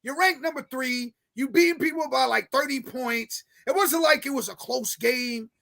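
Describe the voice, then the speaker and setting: Sports talk host, male, high-pitched, brash, argumentative, slangy. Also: moderate pace, vocal fry, sharp tone. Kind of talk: casual sports chat.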